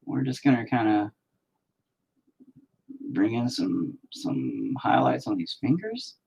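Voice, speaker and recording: A man's voice: on the low side, huge pitch swings, slow, gravelly, a little mellow, a little hiss or hum. A man chatting casually as he paints, rambling, swearing and joking at his own expense. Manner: rambling, profane, self-mocking. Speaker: painting vlogger. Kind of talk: casual chat while painting.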